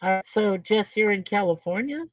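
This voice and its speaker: A woman's voice: mid-range voice, lively intonation, moderate pace, no room sound, soft background music, poor audio. A woman making friendly, giggly small talk as a guest on a live stream. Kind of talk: casual live-stream chat.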